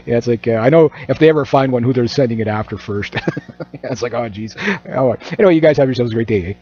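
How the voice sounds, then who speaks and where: A man's voice: mid-range voice, fast talker, mellow. A man from Canada, hosting his own channel in a casual, rambling, joking monologue full of fillers and restarts. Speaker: channel host. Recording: dull lo-fi recording.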